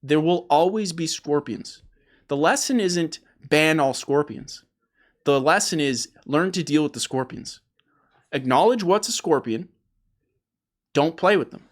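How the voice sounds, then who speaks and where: A man hosting an opinionated gaming discussion, emphatic and animated, often repeating words as he starts a point. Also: on the high side, measured pace. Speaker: host.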